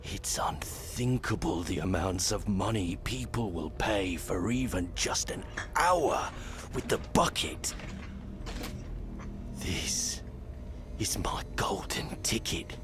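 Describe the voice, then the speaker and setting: An actor playing a man obsessed with a bucket in a video game, speaking in a hushed, half-whispered way. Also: low voice, lively intonation, slow pace, noisy background. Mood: scheming whisper.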